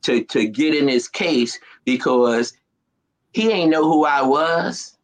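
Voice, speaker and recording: A man's voice: a little high, slow, low-quality recording. A man, a comedian guest, telling stories in casual chat with street slang. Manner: animated storyteller, street slang.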